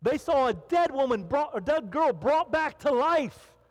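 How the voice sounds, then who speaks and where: A male pastor delivering an animated sermon, his voice sitting high and swooping widely as he acts out the people in the story. He speaks in a hall where his words ring out with a long reverb. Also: unhurried. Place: hall with an audience.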